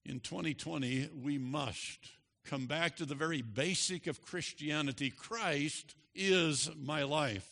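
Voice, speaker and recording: Man, pastor, sermon, bright, fairly high voice, slow emphatic delivery, long hall reverb. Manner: slow, emphatic preaching with swells in loudness. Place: church sanctuary.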